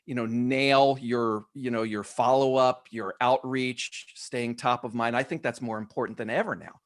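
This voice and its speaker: A man's voice: mid-range voice, normal speed. A man talking as a podcast guest, telling stories eagerly in casual chat, often restarting his sentences. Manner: eager storyteller, frequent restarts. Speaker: podcast guest, real estate editor.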